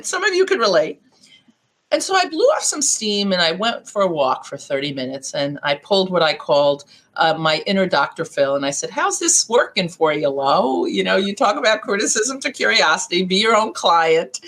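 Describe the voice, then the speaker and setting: Animated middle-aged woman coach. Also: mid-range voice. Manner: animated, acts out quoted voices with laughs. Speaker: guest life coach. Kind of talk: podcast interview storytelling.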